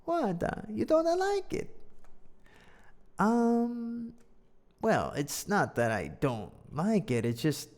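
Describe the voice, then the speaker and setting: An excitable young storybook friend with a high, sing-song mock-Italian accent, as a man puts him on. He bounces all over his pitch and tumbles over his words, eager to please. The voice rings in a long, echoing reverb. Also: slow pace, long pauses, heavily acted. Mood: flustered. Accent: put-on Italian.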